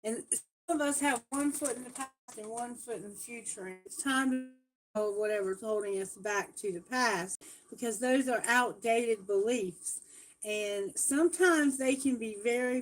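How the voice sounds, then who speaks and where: A woman's voice: on the high side, unhurried, rough recording. A woman giving a live tarot reading, chatting casually and correcting herself as she goes. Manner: chatty, self-correcting, reads lyrics and prayers aloud. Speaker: tarot reader. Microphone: phone.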